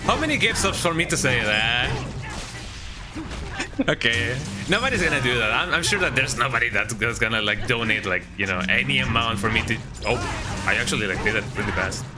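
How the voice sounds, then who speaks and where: A man's voice: mid-range voice, expressive, a little fast, music in the background. A man streaming a video game, chatting casually and rambling, often tagging his remarks with a questioning "eh?". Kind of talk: casual live-stream chat while gaming.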